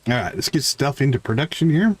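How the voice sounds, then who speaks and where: A man's voice: medium pitch, quick pace, a little hiss or hum, low-quality recording. A man with a Midwestern American accent, casually commenting on his farming game during a live stream. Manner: relaxed, chatty, talking to chat while playing. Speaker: gaming streamer.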